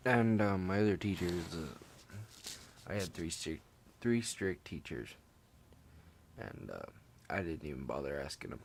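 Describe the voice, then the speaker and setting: A man's voice: sits low, expressive, measured pace, pauses often, slight background noise. A young man casually telling a personal story, rambling and swearing with lots of fillers. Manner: rambling, profane, laid-back with many fillers. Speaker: vlogger.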